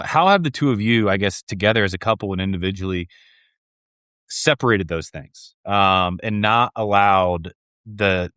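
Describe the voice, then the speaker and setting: Male host in his thirties, low smooth voice, dry close mic, earnest questions. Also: a bit bright, no room sound. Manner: earnest, halting, many fillers. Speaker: podcast host. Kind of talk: interview host.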